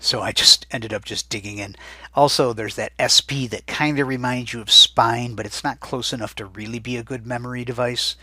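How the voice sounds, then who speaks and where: Husky, bright-toned man teaching vocabulary. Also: mid-range voice, no echo. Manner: chatty, repeats each word slowly for dictation. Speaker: Spanish teacher. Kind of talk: recorded vocabulary lesson.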